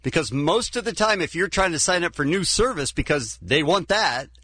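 A man's voice: fairly high pitch, expressive, moderate pace, a bit bright, breathy edge, no echo. A man co-hosting a radio show in casual chat, wry and giving practical advice.

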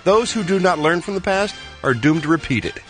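A man's voice: on the high side, lively intonation, a little fast. A man doing the entertainment news on a morning show, sarcastic and mock-exasperated, with faint music behind him. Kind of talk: comic showbiz news segment.

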